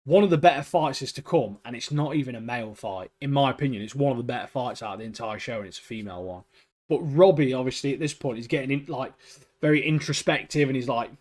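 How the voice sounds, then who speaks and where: Bloke co-hosting a chatty podcast, blunt and opinionated, says mate a lot. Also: male voice, mid-range voice, a little mellow. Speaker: podcast co-host. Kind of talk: casual chat reviewing a TV show.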